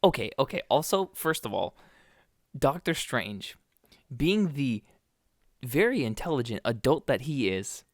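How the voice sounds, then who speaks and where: A young man co-hosting a podcast in a casual chat, often pausing to search for the right words. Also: medium pitch, big pitch swings, no echo, studio quality. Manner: hesitant, searches for words with fillers. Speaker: podcast co-host.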